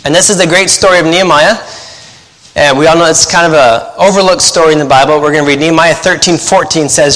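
A man's voice: a little high, a bit bright. Chatty male pastor in an echoing hall. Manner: fast-talking habit, deliberately slowing down; chatty, laughs at his own stories. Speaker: pastor and missionary. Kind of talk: sermon with joking asides.

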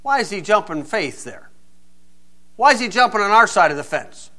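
A man's voice: high voice, sing-song, normal speed, sharp tone. A man preaching a sermon in a folksy, joking and emphatic way.

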